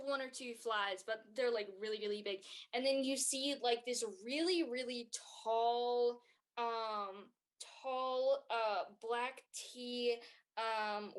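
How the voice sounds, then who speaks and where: A woman's voice: fairly high pitch, fairly bright tone. A woman narrating a tabletop game as game master, rambling with lots of fillers.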